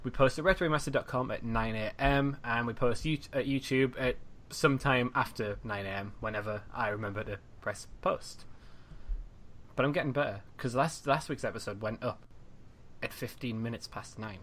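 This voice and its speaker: A man hosting a casual gaming podcast, chatty and relaxed, often trailing off quietly at the ends of his sentences. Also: medium pitch, normal speed. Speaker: podcast host.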